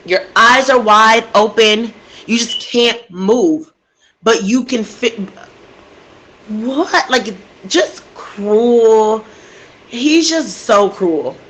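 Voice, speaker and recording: A woman's voice: a little high, animated, takes it slowly, fairly bright tone, low-quality recording. Emotional, outraged true-crime storyteller woman. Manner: emotional and outraged, addresses listeners as y'all. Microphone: desk microphone.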